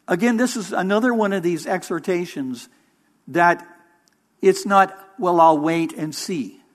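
A male interim pastor delivering a sermon with a high-pitched voice. He takes his time, speaking slowly and pausing often. His delivery is measured and emphatic, leaning hard on key words. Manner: emphatic, measured preaching with pauses.

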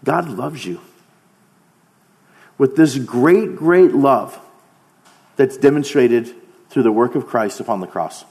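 A man's voice: medium pitch, lively intonation, takes it slowly, pauses often, a little mellow. A man preaching a sermon, emphatic, dropping to a near-whisper on key phrases.

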